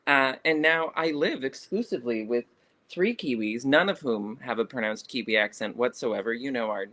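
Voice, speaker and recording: A man's voice: medium pitch, lively intonation, normal speed, bright, forceful tone. Canadian guy cracking dry jokes on a stream, laid back co-host. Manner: wry and joking. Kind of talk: casual livestream chat.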